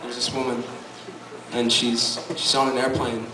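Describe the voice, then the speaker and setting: Guy talking softly over his acoustic guitar at a coffee house gig, kinda far from the mic, echoey room. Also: medium pitch, completely flat delivery, background noise. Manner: quiet, unhurried storytelling over guitar. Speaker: singer-songwriter performing live. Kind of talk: spoken story introducing a song. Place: coffee house performance space. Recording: roomy, distant live recording with loud guitar. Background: loud live acoustic guitar.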